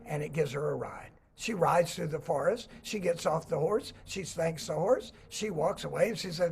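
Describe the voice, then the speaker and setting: Gravelly, high-voiced male storyteller. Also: normal speed, hardly any pauses. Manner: animated, acts out voices. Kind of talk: storytelling talk.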